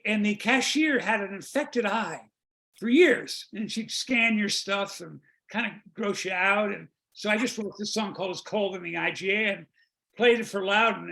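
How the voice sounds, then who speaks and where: An older man guesting on a video-call interview, telling rambling comic stories about a show he wrote, with restarts and quick jokes. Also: sits high, vocal fry, fairly bright tone. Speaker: guest, comedy songwriter. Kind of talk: casual interview chat.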